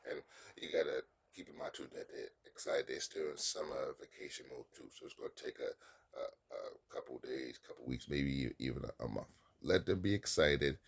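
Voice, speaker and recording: A man's voice: very deep voice, slight background noise. A man speaking casually as an experienced teacher, giving plain-spoken advice and repeating his points, with sometimes stern commands.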